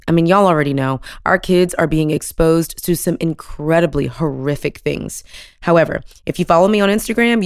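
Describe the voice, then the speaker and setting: A woman, hosting a podcast interview in an effusive, animated way with casual slang. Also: sits low, clear, resonant tone, dry recording, clean studio sound. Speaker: podcast host.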